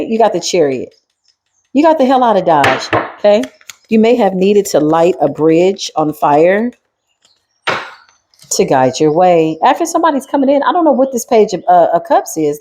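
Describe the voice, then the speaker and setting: A woman's voice: fairly low pitch, warm tone, slight background noise. A woman doing a spiritual tarot reading in a sassy, streetwise style, talking straight to the viewer and to the spirit. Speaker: tarot reader.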